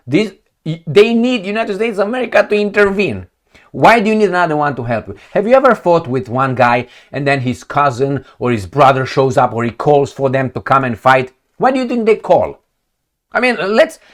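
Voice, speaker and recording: In a very animated, slightly high voice at normal speed, a man reads news passages aloud and sends them up with exaggerated quotes. It's a ranting video commentary on politics, profane, heated, and sarcastic throughout.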